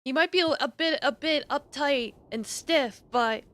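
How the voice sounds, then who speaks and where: A woman streaming a game, chatting casually over it with giggles and jokes. Her voice sits high and she takes her time. The asides come loose and playful. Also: unhurried, a bit bright. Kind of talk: casual live game commentary.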